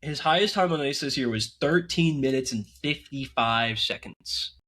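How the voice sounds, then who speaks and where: Bright-voiced joking man co-hosting. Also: mid-range voice, normal speed. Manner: joking, sarcastic banter. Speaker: podcast co-host. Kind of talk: casual hockey podcast chat.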